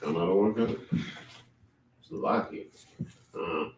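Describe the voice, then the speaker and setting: A man reading scripture aloud in a slow, measured way, recorded from a distance in an echoey room. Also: low voice. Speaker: class member reading scripture. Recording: distant, echoey room mic with faint background noise.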